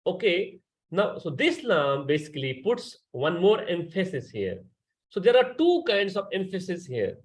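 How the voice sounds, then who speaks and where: A man's voice: sits high, very animated, a little slow. A man teaching a Quran class, patiently explaining grammar and quizzing his students. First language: Urdu.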